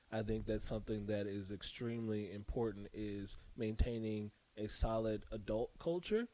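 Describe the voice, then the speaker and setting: A man who is a school leader, hosting a casual podcast. He starts his turns haltingly with fillers, then speaks steadily. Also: fairly low pitch, mellow, poor audio.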